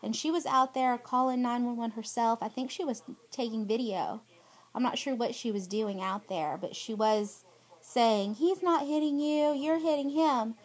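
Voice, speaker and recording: A woman's voice: on the high side, normal speed. A middle-aged woman, giving an emphatic, aggrieved spoken statement to her viewers. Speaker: vlogger.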